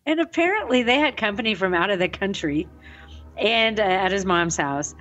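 A woman's voice: medium pitch, animated, moderate pace, a bit bright, dull audio, faint music behind. A woman co-hosting a paranormal podcast, telling a story with lots of laughter. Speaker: podcast co-host. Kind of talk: casual podcast chat, storytelling.

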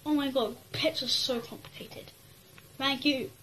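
Excitable high-voiced girl gamer. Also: a little slow, slight background noise, low-quality recording. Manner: rambling, excitable, talks to herself. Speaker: gaming YouTuber. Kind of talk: casual gameplay commentary.

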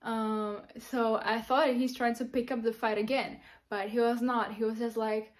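A woman's voice: fairly high pitch, flat delivery, moderate pace. Chatty giggly young woman telling a story. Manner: chatty, giggly, many fillers. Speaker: vlogger. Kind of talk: casual storytelling to camera.

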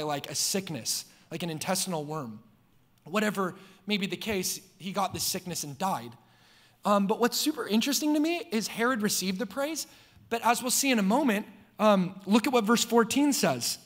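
A man preaching a sermon to a church congregation in a casual, slangy way, with big swings in pitch and loudness. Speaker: pastor. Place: church sanctuary before a congregation.

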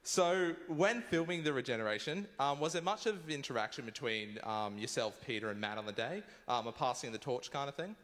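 A man's voice: mid-range voice, animated, fairly quick, hardly any pauses, a bit bright. A man in the audience asking a question hesitantly, with many ums. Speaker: audience member. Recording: distant in a reverberant hall.

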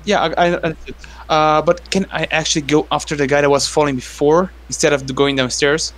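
A man takes part in a tabletop game as a player. His voice sits somewhat high, and he speaks hesitantly. He stammers and repeats himself. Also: steady tone, a little fast, fairly bright tone.

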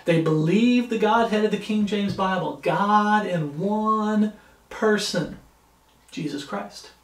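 A man with a high voice preaches earnestly to his viewers, circling back and restarting his sentences as he goes. He sits back from the mic, so his voice comes across distant, and the room around him rings with echo. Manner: earnest, repetitive, halting with restarts. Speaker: ministry preacher. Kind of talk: informal devotional talk.

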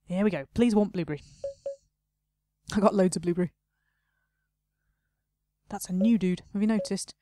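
A woman's voice: mid-range voice, moderate pace, pauses often, warm tone, slight background noise. A woman talking casually to herself while playing a video game, muttering and playfully scolding the game's customers. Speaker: gaming video host. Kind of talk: casual let's play commentary.

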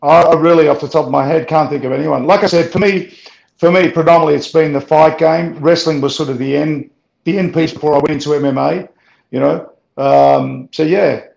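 Male guest, gravelly and hesitant, echoey audio. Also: fairly high pitch, fairly even intonation, fairly quick, a little mellow, dull audio. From Australia. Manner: hesitant, searching for words. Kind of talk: casual interview chat.

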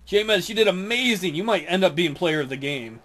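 Playful high-voiced man joking over gameplay. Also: expressive, brisk, a bit bright. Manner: jokey, playful, laughs often. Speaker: video game commentator. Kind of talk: casual gameplay commentary.

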